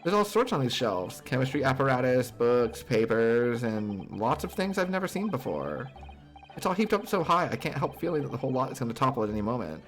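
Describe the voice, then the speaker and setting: A man streaming a video game, chatting casually with viewers in a relaxed, friendly way and reading its dialogue aloud. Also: mid-range voice, a little fast, faint music behind. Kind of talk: casual let's-play chat and game reading.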